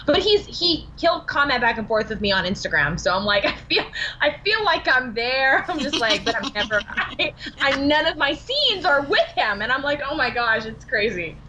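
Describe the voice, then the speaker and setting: A woman guest on a podcast interview, telling animated stories full of acted-out quotes and laughter. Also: sits high, moderate pace, highs cut off, noisy background. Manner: bubbly, animated storytelling with quoted dialogue and laughs. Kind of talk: casual interview chat.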